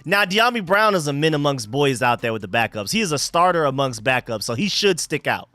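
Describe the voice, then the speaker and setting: A man hosting a casual live football stream, chatting excitedly with viewers and reacting to plays. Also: mid-range voice, fairly quick, dry recording, clean studio sound, faint music behind. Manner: excited, chatty, talks to chat and his dogs. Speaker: livestream host.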